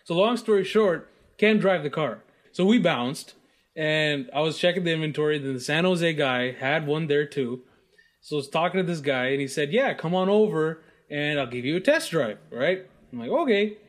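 A man's voice: on the high side, normal speed. A man co-hosting a podcast, from the US, telling a casual story full of laughter and swearing. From United States. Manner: laughs often, animated and profane anecdotes. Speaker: podcast co-host.

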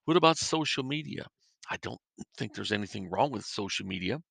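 A man's voice: on the low side, lively intonation, fairly quick, vocal fry, a bit bright, breathy edge, dry recording. A man preaching a podcast sermon in an earnest, repeating cadence with stammered restarts. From northern United States.

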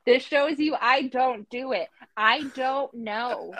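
A woman's voice: high-pitched, slow pace, fairly bright tone, no room sound. A woman co-hosting a podcast, chatting casually with lots of fillers. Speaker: podcast co-host. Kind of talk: casual chat.

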